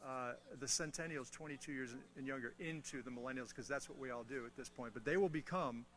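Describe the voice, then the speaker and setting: The guest speaker's medium-pitched voice moves at a fairly quick clip as he motivates a military audience on mentoring. His storytelling is animated, sprinkled with self-mocking remarks and good-natured teasing.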